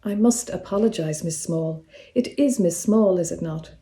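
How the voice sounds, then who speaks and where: A woman voicing a scrawny, excitable male solicitor who talks with fussy, overly polite formality. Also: on the low side, moderate pace, natural voice. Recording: roomy echo.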